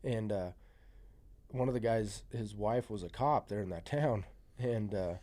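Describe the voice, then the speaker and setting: A man's voice: lowish voice, measured pace, dark tone. A man from Utah, a hunting guide, telling a story as a podcast guest in a rambling, profane way, full of fillers like "you know" and "like". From South Central Utah. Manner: acts out quoted lines. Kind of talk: casual storytelling.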